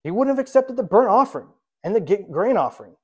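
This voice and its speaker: A level-headed wife from an ancient tale reasons with her panicking husband, as a male preacher voices her. Her voice sits higher than a man's usual speech. She talks steadily and patiently. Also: very animated, fast talker, breathy edge, exaggerated voice. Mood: reasoning.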